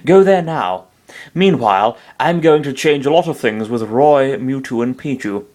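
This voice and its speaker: A bossy giant hand that floats around, giving orders in a loud voice pitched above ordinary speech. A man does the voice while reading a fan story aloud, and it comes across as a plain, lightly acted storybook voice. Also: lively intonation, normal speed, close to an everyday voice. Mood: commanding. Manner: loud, commanding, raised pitch. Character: booming giant floating hand, boss of the fighters.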